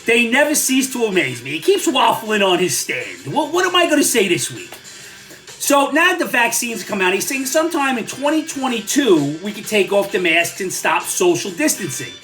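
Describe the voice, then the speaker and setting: Older male vlogger, blunt and sarcastic, very animated pitch, faint music under. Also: normal speed. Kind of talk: ranting commentary vlog.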